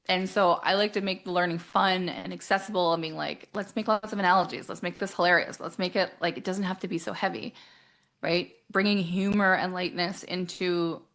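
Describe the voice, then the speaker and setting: A woman coach talking casually in an interview, animated, acting out quoted voices and laughing often. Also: fairly low pitch, fairly quick.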